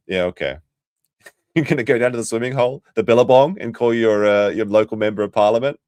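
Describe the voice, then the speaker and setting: A man's voice: fairly low pitch, quick pace, a little mellow, no echo, studio quality. A man from Australia with a light Australian accent, streaming sarcastic commentary on clips. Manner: sarcastic, mocking, swears. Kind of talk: casual commentary.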